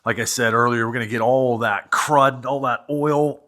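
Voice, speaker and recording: A man's voice: medium pitch, steady tone, moderate pace, hardly any pauses, pushed and bright. A man from New Hampshire giving casual running commentary while working on an old vehicle, rambling into joking, self-deprecating asides.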